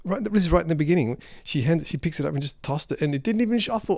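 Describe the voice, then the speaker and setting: Male film reviewer, fairly high voice, rambling and unscripted, dry close sound. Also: lively intonation, rapid-fire, vocal fry, a little mellow, dry recording. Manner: rambling, off-the-cuff, exasperated. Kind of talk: unrehearsed spoken film review.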